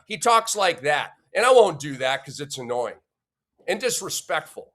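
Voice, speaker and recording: A man's voice: fairly high pitch, lively intonation, normal speed, a bit bright. A man hosting a sports podcast, giving an emphatic, opinionated rant and punctuating his points with a questioning "okay?". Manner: blunt and insulting toward critics.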